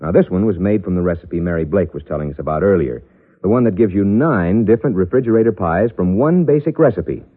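A man announcing a 1950s radio show and reading ads in a smooth, salesy, emphatic way. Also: deep voice, expressive, fast talker. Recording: tinny lo-fi vintage radio broadcast.

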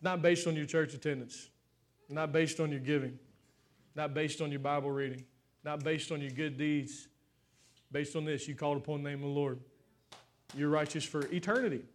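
High-voiced man preaching a sermon. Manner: emotional, swinging from fervent to soft and tearful. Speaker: pastor. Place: church stage with congregation.

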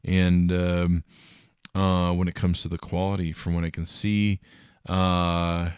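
A man's voice: deep voice, little pitch movement, slow, darkish tone, smooth, no echo, clean studio sound. A middle-aged man hosting a podcast, chatting casually about tech news with rambling, jokey asides and lots of fillers. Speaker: podcast host.

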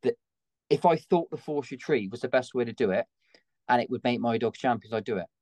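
A man's voice: mid-range voice, a little fast, a little mellow, no echo. An Englishman who trains gun dogs, a guest in a conversational interview, explaining his methods emphatically. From England.

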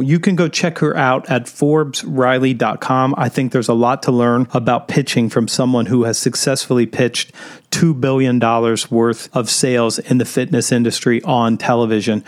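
A man in his forties hosting a podcast, upbeat and conversational, doing interviews and ad reads. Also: medium pitch. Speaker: podcast host. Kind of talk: interview and ad read.

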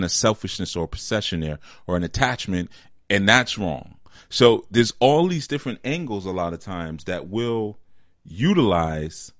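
Man, very low voice, spiritual teacher, conversational, dry close sound. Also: no room sound. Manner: conversational, frequent "you see?" check-ins. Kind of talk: informal spiritual teaching talk.

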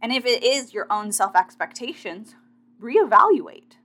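A woman's voice: on the high side, very animated, unhurried, bright, forceful tone. A woman in a casual motivational monologue, talking directly and chattily to her listeners as a fitness competitor sharing advice.

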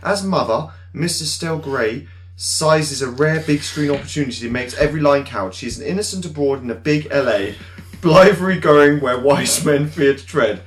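A man's voice: fairly high pitch, normal speed, soft background music. A man co-hosting a casual podcast, reading film reviews aloud in a mock-dramatic way. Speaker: podcast co-host.

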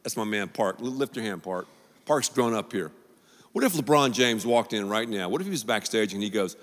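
A male pastor preaching a sermon in a joking, animated way, full of quick asides, in a large church auditorium. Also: lowish voice. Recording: long reverb of a large hall.

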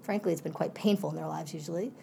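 A woman's voice: low voice, fast talker, vocal fry, warm tone, slight background noise. A middle-aged woman professor in a conversational interview, speaking reflectively in winding asides.

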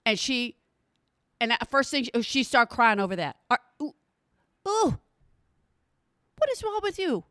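Woman comic host, high voice, emphatic, talks to the crowd as "y'all," dry sound. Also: a little slow, pauses often, no room sound. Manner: emphatic, animated, talks straight to listeners with "y'all" and "hear me". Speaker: comedic host. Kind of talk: comic storytelling to an audience.

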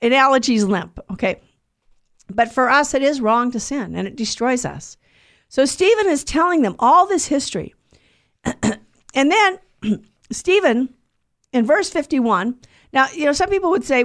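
A woman's voice: high voice, animated, moderate pace. A woman hosting a call-in radio show and teaching on the Bible in an earnest, conversational way, often checking in with her listeners.

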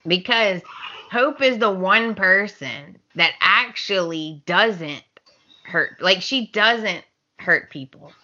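A woman, co-hosting a podcast and recapping a soap opera in casual, animated chat, acting out characters' lines. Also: mid-range voice, takes it slowly. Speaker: podcast co-host. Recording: slightly dull lo-fi podcast audio.

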